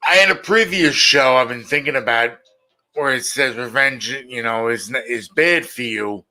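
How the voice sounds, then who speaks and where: A man's voice: medium pitch, moderate pace, sharp tone. A middle-aged man hosting a casual monologue show, blunt and opinionated, often repeating his points. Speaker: show host.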